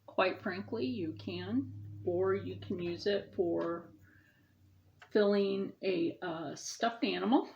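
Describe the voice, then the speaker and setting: A middle-aged woman walks through a sewing project in an unhurried, chatty way, explaining each step as she goes. Her voice has a gravelly fry, and the clicks of a sewing machine sound faintly behind her. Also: medium pitch, dull audio, a little hiss or hum. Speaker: sewing channel host. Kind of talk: casual sewing tutorial.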